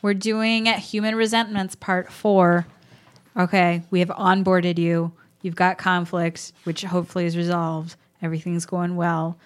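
A woman's voice: lowish voice, level tone, unhurried. A woman hosting a casual comedy podcast, playful and teasing, often laughing as she talks. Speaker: podcast host.

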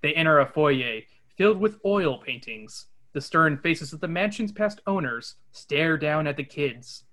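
A podcast host reading a storybook aloud between jokes with friends. The voice swings around with lively pitch. The delivery stays casual and playful. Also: a little slow. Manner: lively, laughing narration. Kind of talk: casual book reading with chat.

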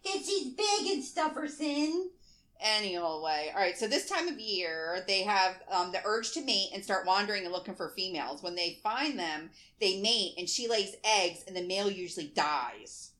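A woman's voice: medium pitch, expressive, normal speed, hardly any pauses, sharp tone. A woman co-hosting a podcast in casual chat, laughing often and reading news aloud. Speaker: podcast co-host.

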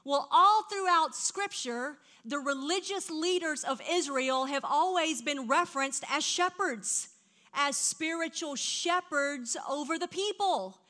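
Woman preacher, middle-aged, high bright voice, animated storytelling that swings from hushed to loud. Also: a little slow. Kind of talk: sermon.

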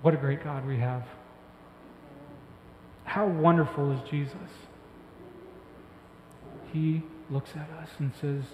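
A man preaching a sermon as pastor, talking emphatically with excited bursts that drop back to a soft voice. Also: fairly high pitch, normal speed, pauses often, highs cut off, slight background noise. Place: church hall. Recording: echoey hall with faint ambience.

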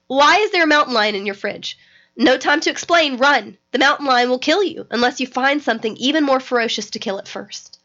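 Woman host, slightly high pitch, lively reader, dull lo-fi recording. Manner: warm encouraging interjections, expressive reader. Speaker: podcast host. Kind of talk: casual interview chat and reading aloud. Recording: dull lo-fi audio.

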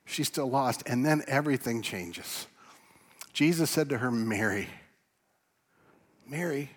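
A man preaching a sermon, animated, swinging from loud emphasis to hushed tones. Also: mid-range voice, normal speed. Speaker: pastor. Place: church.

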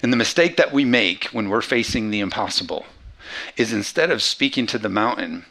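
A man preaching a lively sermon with a gravelly edge in his voice. His tone is bright and forward, and he slips into quick back-and-forth dialogue to act out the scenes he retells. He keeps pressing the congregation with questions. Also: on the low side. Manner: animated preaching, acting out Bible characters in quick dialogue. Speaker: pastor.

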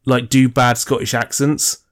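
Male co-host, casual and sweary, rambles through movie trivia, mid-pitched voice. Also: level tone, measured pace. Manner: rambling, sweary, enthusiastic about film trivia. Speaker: podcast co-host. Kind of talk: casual chat.

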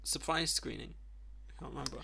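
A man's voice: mid-range voice, brisk, creaky, sharp tone. A man co-hosting a podcast, chatting casually in an easygoing way and laughing often. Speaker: podcast co-host. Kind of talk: casual chat.

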